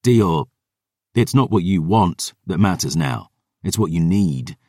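Man playing a world-weary veteran warrior, deep voice, blunt and gruff, lively delivery, audiobook character. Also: a little slow, dry recording, studio quality. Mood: grim.

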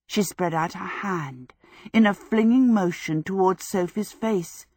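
Slow, measured woman narrator. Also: mid-range voice, darkish tone, no echo, clean studio sound. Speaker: audiobook narrator. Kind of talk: scripted narration.

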